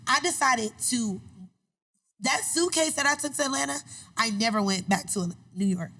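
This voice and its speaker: A woman's voice: fairly high pitch, normal speed. A woman guest on a podcast interview, telling her story in a casual, emphatic way and acting out the voices of people she quotes. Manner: animated, acts out quoted voices; emphatic, repeats phrases for effect.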